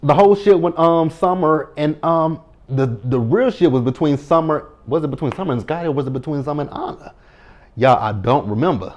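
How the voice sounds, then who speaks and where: A man's voice: on the high side, lively intonation, fairly quick, a little mellow. Blunt, profane man recapping reality TV. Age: 30s. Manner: blunt and profane, talks straight to the cast members. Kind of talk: casual recap commentary.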